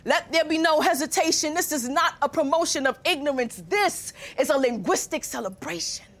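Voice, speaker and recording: High-voiced young woman performing spoken word. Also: moderate pace. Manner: rhythmic, rhyming delivery with shifts between registers. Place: stage before a live audience.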